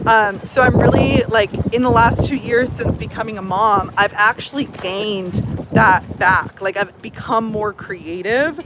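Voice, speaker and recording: A woman's voice: medium pitch, unhurried, very noisy. A woman in her thirties, a personal growth coach, chatting casually on a livestream with lots of fillers in a bubbly, talkative way.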